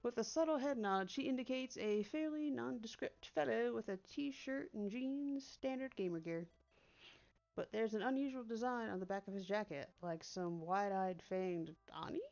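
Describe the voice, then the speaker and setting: A woman's voice: fairly high pitch, normal speed, vocal fry, a little mellow. A woman streamer reading a visual novel aloud, narrating casually with playful asides. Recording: dull lo-fi stream audio, faint music.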